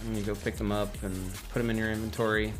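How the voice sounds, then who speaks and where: A man's voice: on the low side, little pitch movement, quick pace, soft background music. A man casually chatting on a livestream while building a game, rambling and answering viewer questions. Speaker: game developer streaming live.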